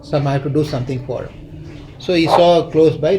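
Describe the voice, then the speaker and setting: A man's voice: fairly high pitch, moderate pace, dark tone, slight background noise, rough recording. A man teaching a scripture class, retelling a story, often repeating or restarting phrases and quizzing his listeners.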